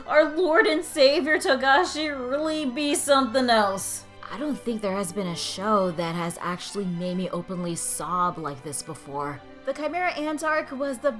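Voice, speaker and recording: High-pitched woman reading out fan comments, really dramatic and emotive, faint music under it. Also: a bit bright. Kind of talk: reading viewer comments aloud.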